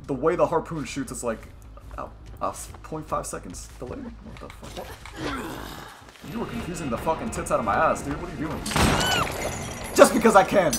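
A young man giving live commentary on his own gameplay, excitable and swearing often, yelling at players and then muttering tactics. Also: a little high. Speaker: gaming YouTuber.

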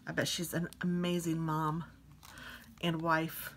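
A woman vlogger casually showing off craft mail she received, gushing softly and sometimes dropping to a whisper. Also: deep voice, level tone, slow, noisy background. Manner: gushing, soft-spoken, drifts into whispers. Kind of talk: casual show-and-tell unboxing.

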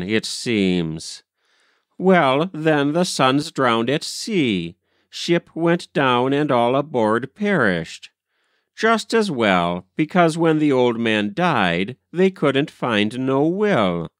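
A man reading a story aloud, voicing a quick-tempered, gossiping woman servant who talks in rustic, ungrammatical speech. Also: mid-range voice, big pitch swings, clean tone, no room sound, studio quality. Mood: gossipy.

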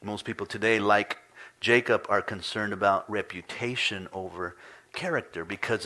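A man preaching a sermon as pastor, swinging between animated storytelling and soft, hushed asides. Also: normal speed. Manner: animated storytelling, voice climbing high and loud when retelling frustration; drops to a soft, near-whispered hush on solemn points.

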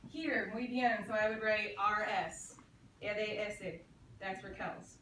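A woman teaching a high school Spanish class, saying phrases for the students to repeat and then translating them. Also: steady tone, slow pace, fairly bright tone, a little hiss or hum. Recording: echoey classroom from far off.

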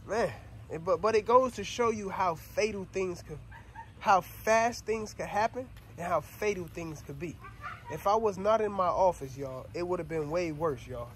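A man's voice: normal speed, slight background noise. A casual breeder talking to his viewers. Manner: loose, repeats "y'all" and "man", trails off low when upset. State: overwhelmed and frustrated. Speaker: dog breeder and channel host. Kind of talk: casual vlog talk to viewers.

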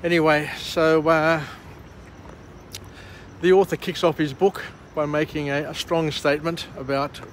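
Australian male vlog host, walk-and-talk, higher voice, flat delivery, faint street noise. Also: measured pace. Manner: chatty, rambling with fillers and restarts. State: muffled by a face mask. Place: outdoors by an urban harbour, walking.

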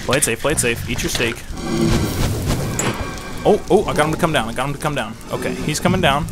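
A man giving excited gameplay commentary, repeating phrases rapidly under pressure. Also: mid-range voice. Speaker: gameplay channel host. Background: loud background music.

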